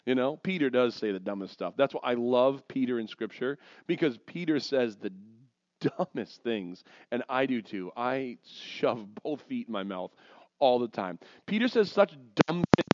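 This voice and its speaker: A man preaching a sermon, telling stories in a lively, joking way and acting out quotes. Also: mid-range voice, moderate pace, no echo. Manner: lively, jokey storytelling with acted quotes. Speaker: pastor. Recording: dull lo-fi dry sound.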